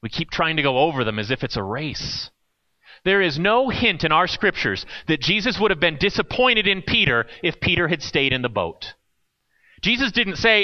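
A man's voice: high voice, sing-song, moderate pace, muffled recording. A man preaching a sermon in a conversational way, with playful asides.

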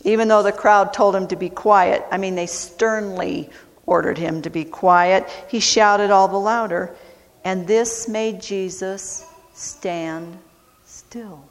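A woman preacher delivering a sermon at a very unhurried pace, lingering over each phrase. She repeats key words for emphasis, and her voice trails off into a long hall reverb. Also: mid-range voice, fairly even intonation.

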